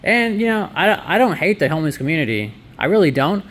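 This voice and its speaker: A man's voice: a little high, sing-song, a little fast, fairly bright tone. A man who owns a laundromat, talking casually through a walkthrough vlog with sarcastic asides. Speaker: laundromat owner. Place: inside a laundromat.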